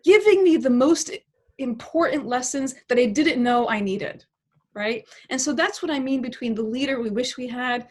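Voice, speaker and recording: A woman's voice: high-pitched, normal speed. A middle-aged woman, a political science professor and podcast guest, telling a reflective story in long, winding sentences and often checking in with "right?".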